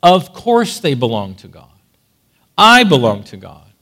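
Animated preacher with a lively voice. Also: male voice, on the high side, unhurried. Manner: animated storytelling, dramatic swings. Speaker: pastor. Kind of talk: sermon.

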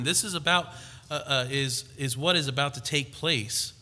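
A man's voice: on the high side, moderate pace, hardly any pauses, bright, forceful tone. A man preaching a sermon on scripture, emphatic and given to restarts and fillers as he teaches.

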